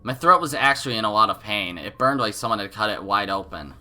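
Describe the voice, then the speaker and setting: A man's voice: lowish voice, animated, quick pace, bright, forceful tone. A man with a cold, hosting a let's play, reading game narration aloud with casual joking asides. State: has a cold.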